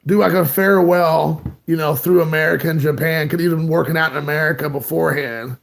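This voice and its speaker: Gravelly high-voiced guy rambling on his live stream, chatting away with viewers. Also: fairly even intonation, brisk. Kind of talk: casual live-stream chat.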